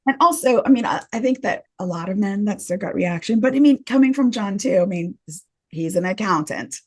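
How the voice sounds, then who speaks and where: A woman's voice: medium pitch, animated, fairly quick, breathy edge, no echo. Upbeat woman host, dry close sound. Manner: encouraging, upbeat, filler-heavy. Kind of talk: casual conversation.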